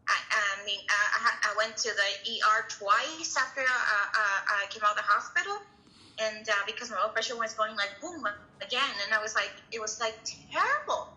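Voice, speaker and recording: Young woman, personal testimony, earnest, halting, fairly high, sharp bright tone. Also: low-quality recording. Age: young adult. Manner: earnest, halting, full of restarts. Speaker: coach sharing her story in a class.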